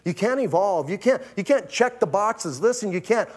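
Lively preacher, fairly high voice. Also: male voice, normal speed, few pauses. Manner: lively, casual preaching with slang and acted-out asides. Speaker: pastor. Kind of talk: sermon.

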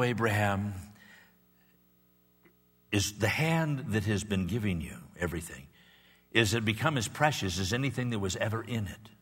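Give me an earnest pastor in his sixties delivering a sermon with a bright, forceful voice. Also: on the low side. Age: 60s. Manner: earnest, repetitive, building to emphatic peaks. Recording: long reverb of a large hall.

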